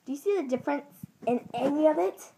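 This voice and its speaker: A woman's voice: high voice, animated, quick pace, vocal fry, background noise. A woman from Ohio chatting to camera in a giggly, scattered, jokey way. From Ohio, United States. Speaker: vlogger. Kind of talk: casual rambling to camera.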